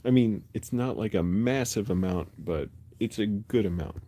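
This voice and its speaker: Man, low voice, mellow tone, casual live-stream chat, rambling, lots of fillers, phone mic close up. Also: normal speed. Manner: rambling, chatty, many fillers and restarts. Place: his bedroom at night. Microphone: phone held close.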